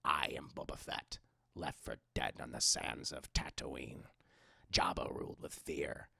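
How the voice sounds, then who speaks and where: A man doing an impression of a gruff male bounty hunter in a low, growly voice. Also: steady tone, measured pace, sharp tone, dry recording, whispered, clean studio sound, heavily acted. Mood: menacing. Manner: low growly menacing delivery.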